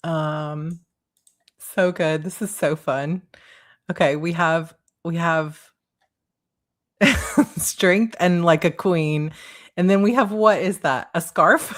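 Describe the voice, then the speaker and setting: A woman's voice: lowish voice, slow, long pauses. A woman author hosting a casual livestream, bubbly and giggly, reading viewer comments aloud.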